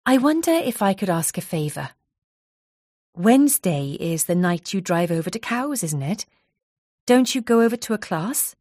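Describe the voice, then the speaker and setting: A woman voicing a kind hairdresser who speaks gently and reassuringly. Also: mid-range voice, very animated, normal speed, no room sound, studio quality. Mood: gentle.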